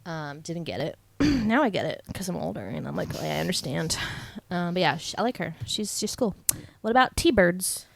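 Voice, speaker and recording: A woman's voice: fairly low pitch, very animated, moderate pace, gravelly, a little hiss or hum. A young woman co-hosting a podcast, chatting in an easygoing, giggly way. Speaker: podcast co-host. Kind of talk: casual chat.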